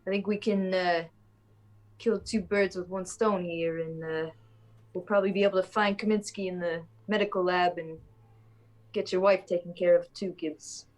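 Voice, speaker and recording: A woman playing a tabletop game who plans her next move out loud in a practical way. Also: fairly low pitch, fairly even intonation, normal speed. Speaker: player.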